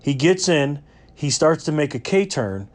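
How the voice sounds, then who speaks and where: A man's voice: fairly high pitch, sing-song, measured pace, darkish tone. A man from New York, vlogging as he tells a chatty story with lots of fillers and restarts. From Rochester, New York. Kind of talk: casual storytelling.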